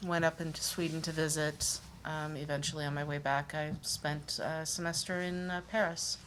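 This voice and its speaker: A shy young woman studying music, polite and hesitant, tripping over her words, as a woman plays her. The voice sits a little low, with faint noise behind it. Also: little pitch movement, normal speed, a bit bright.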